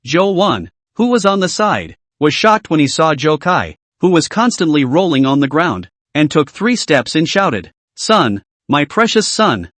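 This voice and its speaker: A man's voice: a little high, sing-song, normal speed, hardly any pauses, a bit bright, no room sound. A man reading a scripted comic story recap with dramatic, clipped exclamations. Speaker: narrator.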